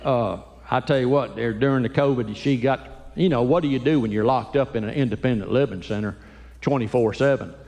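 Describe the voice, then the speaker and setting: A man, a Christian comedian doing folksy, animated stand-up storytelling. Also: mid-range voice, fairly quick. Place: church hall. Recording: echoey hall, faint ambience.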